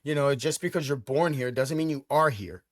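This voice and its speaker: A middle-aged man from Brooklyn, telling his life story as an interview guest with emphatic, energetic delivery and frequent repeated words. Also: medium pitch, moderate pace, no room sound, studio quality. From Brooklyn, New York. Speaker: franchise owner guest.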